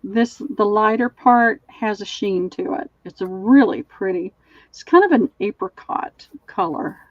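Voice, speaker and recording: A woman's voice: mid-range voice, a little slow, no room sound, highs cut off. A woman with a Southern accent hosting a live online sale, chatting as she describes linens in detail. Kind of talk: live-stream selling chat.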